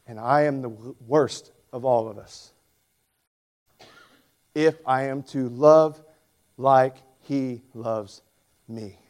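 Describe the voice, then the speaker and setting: A man in his forties preaching a sermon as pastor, with animated, emphatic storytelling. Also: mid-range voice, slow pace, long pauses, clean tone.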